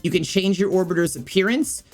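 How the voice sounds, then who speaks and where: Woman gamer, lowish voice, rambling tutorial delivery with faint music under it. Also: brisk, a little mellow. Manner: rambling, thinks aloud with fillers. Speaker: gaming streamer and YouTuber. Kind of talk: casual game tutorial.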